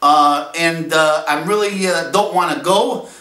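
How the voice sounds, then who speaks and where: A man hosts a casual fan podcast, jumping between jokes and asides with many fillers. His voice sits high and bright. He sounds a little off-mic in a roomy, echoing space. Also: a little slow, recorded from a distance. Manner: animated and jokey, full of fillers and asides. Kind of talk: casual rambling commentary. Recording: echoey room, a little off-mic.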